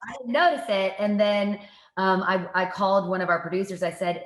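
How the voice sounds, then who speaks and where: A woman, a TV reporter, telling stories from her work in a casual interview, lively and self-mocking. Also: fairly low pitch, moderate pace, reverberant. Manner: lively, animated storytelling with self-mocking asides. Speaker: guest, TV reporter and anchor.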